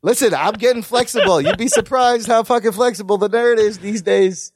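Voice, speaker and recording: A man's voice: high voice, a little fast. A man hosting a podcast in casual chat, joking and swearing freely. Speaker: podcast host.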